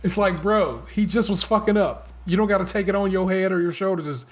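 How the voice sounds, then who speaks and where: A man co-hosting a podcast in casual chat, talking in animated, profane bursts and mocking the people he talks about. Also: high voice, brisk. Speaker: podcast co-host.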